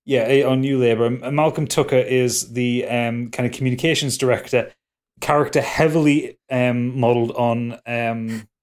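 A man's voice: medium pitch, steady tone, normal speed, a little mellow. A man with a Geordie accent chatting casually on a podcast, rambling with lots of ums and restarts and swearing freely. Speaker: podcast co-host.

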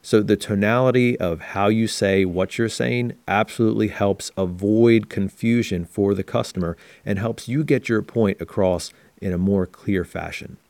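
A man's voice: fairly low pitch, normal speed, few pauses, a little mellow, no room sound. A man co-hosting a podcast, explaining his points in a casual way with examples. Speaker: podcast co-host.

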